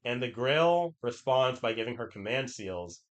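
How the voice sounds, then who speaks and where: A man's voice: medium pitch, lively intonation, measured pace. A man streaming, casually retelling a story in a rambling way, with many restarts and quoted lines.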